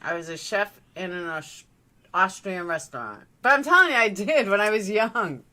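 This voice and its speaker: A woman's voice: mid-range voice, expressive, normal speed, bright, forceful tone. A woman hosting a livestream, chatting loosely as she reacts to a live news feed. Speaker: livestream host. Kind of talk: casual live commentary.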